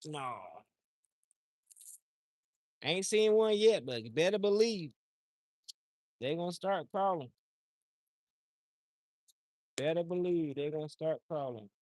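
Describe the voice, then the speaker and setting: A man's voice: fairly high pitch, animated, takes it slowly, long pauses, darkish tone, no room sound, studio quality. A man livestreaming outdoors, talking in a loose, rambling, slangy way and often repeating himself. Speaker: livestream host. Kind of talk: casual rambling chat.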